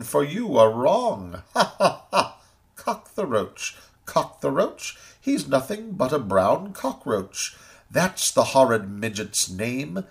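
A man's voice: fairly high pitch, vocal fry, pitched above the performer's own voice, exaggerated voice. A man voicing a boastful, mocking male kangaroo in a storybook reading, laughing and taunting.

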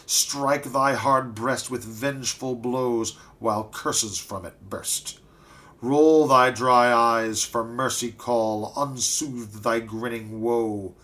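A man's voice: mid-range voice, slow pace, a bit bright, pitched above the performer's own voice. A man voicing a desperate wronged young woman. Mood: cursing. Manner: raised, anguished pleading. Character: ruined young woman, desperate and grief-stricken.

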